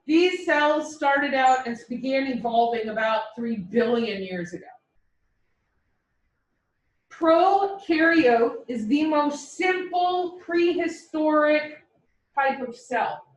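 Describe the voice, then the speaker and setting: A woman's voice: sits high, takes it slowly, a little hiss or hum. A woman teaching a biology class, explaining cells in a playful, joking way. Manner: lively, joking with students. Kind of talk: classroom lecture with playful dramatization. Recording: echoey classroom, mic far from speaker.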